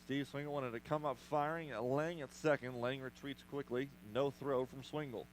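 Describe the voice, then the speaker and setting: A man doing play-by-play commentary for a baseball radio broadcast, brisk with playful asides. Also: mid-range voice, fairly even intonation, a little hiss or hum, low-quality recording. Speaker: play-by-play announcer.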